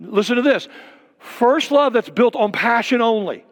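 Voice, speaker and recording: Emphatic older preacher, high voice in a hall. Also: male voice, lively intonation, unhurried. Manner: emphatic preaching with rhetorical questions and sudden drops to a hush. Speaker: pastor. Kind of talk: sermon.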